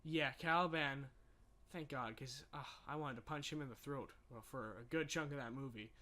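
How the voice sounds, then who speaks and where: A man co-hosting a podcast, retelling a movie in casual chat with emotional, animated delivery. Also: medium pitch, normal speed. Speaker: podcast co-host.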